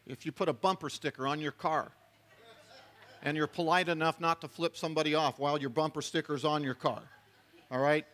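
A middle-aged male pastor delivers a sermon with a bright, forceful voice pitched a little above the usual for a man. He talks conversationally, restarting phrases and tossing in asides. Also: fairly even intonation, fairly quick.

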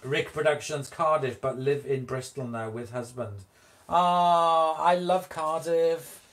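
Male host, casual live-stream chatter, unhurried delivery, giggles often. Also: on the high side, a bit bright. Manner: chatty, giggly, reads viewer comments aloud. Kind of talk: casual live-stream chat reading comments.

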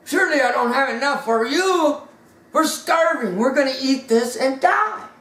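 A woman's voice: sits high, animated, normal speed, a bit bright, voice pushed up. A woman voicing a poor starving widow in despair, pleading and raised, in an echoey room with the mic far off.

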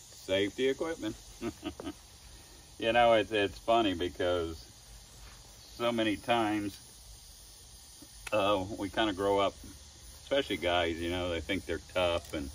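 Folksy middle-aged carver, lowish voice, chuckling storyteller, mic set well back outdoors with faint noise. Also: male voice, distant mic, rough recording. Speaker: chainsaw woodcarver. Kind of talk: casual storytelling demo.

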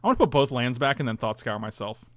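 A man's voice: mid-range voice, very animated, quick pace, no room sound. A man casually commentating his own online card game, chatty and self-mocking, groaning at his bad draws.

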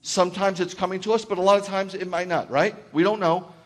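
A middle-aged male rabbi giving a conversational sermon, dropping into quiet asides and then rising to loud, excited outbursts. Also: high voice, quick pace.

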